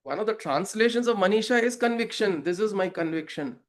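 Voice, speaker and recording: A man's voice: high voice, lively intonation, brisk. A man explaining a scripture verse as a spiritual teacher, reflective, asking rhetorical questions and telling parables.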